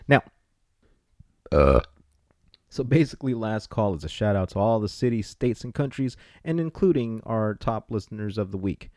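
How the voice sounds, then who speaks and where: A man hosting a podcast, giving casual, playful shout-outs and hyping up listeners. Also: lowish voice, expressive, normal speed, no echo, studio quality. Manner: hyped, playful, riffs on names. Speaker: podcast host.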